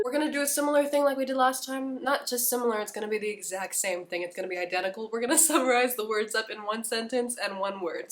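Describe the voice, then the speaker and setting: Woman, young adult, slightly high voice, stuffy nose, rambling, gushing, casual book vlog. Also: fairly bright tone. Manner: rambling, gushing, self-deprecating. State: congested with a cold. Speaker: book vlogger.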